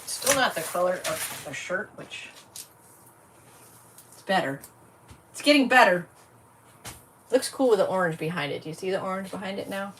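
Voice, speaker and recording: A woman's voice: mid-range voice, lively intonation, moderate pace, pauses often, fairly bright tone, distant mic. A woman chatting casually and thinking aloud while she works on a craft project on a livestream. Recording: voice set back from the mic, faint noise.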